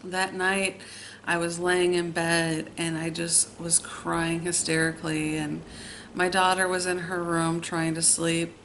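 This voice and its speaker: A woman telling a personal ghost story in a hesitant way, pausing often with fillers. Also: lowish voice, monotone, fairly bright tone, a little hiss or hum, low-quality recording. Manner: slow, hesitant, with many pauses and fillers.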